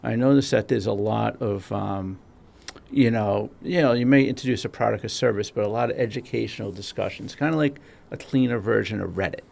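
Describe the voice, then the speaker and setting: A man's voice: fairly low pitch, a little fast, vocal fry, darkish tone. A man from Rhode Island co-hosting a podcast in casual chat, talking in a loose, chatty way and tagging lines with "right?" and "you know". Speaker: podcast co-host. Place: studio, on camera.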